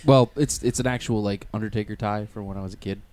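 A man's voice: fairly low pitch, fairly even intonation, quick pace, darkish tone, slight background noise. A man in a casual podcast chat, laid-back and a bit hesitant, with wry jokes. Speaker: podcast co-host.

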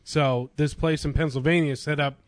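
Man hosting a comedy radio show, voice a bit high, dry close mic, crude and quick. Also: fairly even intonation, dry recording. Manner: joking, crude, quick storytelling. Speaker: podcast host. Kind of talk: casual comedy radio chat.

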